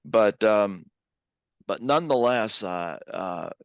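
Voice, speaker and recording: A male podcast host with a low, resonant voice asks his questions haltingly, with many fillers. The recording is dry and a little dull-sounding. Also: animated, fairly bright tone, clear, resonant tone, no room sound. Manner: hesitant, filler-heavy. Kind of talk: interview.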